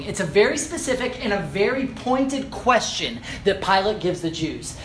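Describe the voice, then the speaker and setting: A man preaching a sermon, earnest and explanatory, slowing down to stress key phrases and building emphasis. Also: high voice, very animated, fairly bright tone.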